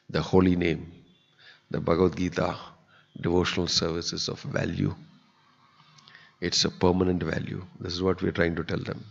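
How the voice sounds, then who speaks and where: A man's voice: low-pitched, creaky. A man giving a sermon in a temple hall, earnest and conversational. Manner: earnest, conversational, acts out quoted people. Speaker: spiritual teacher giving a discourse. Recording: dull lo-fi audio with long hall reverb.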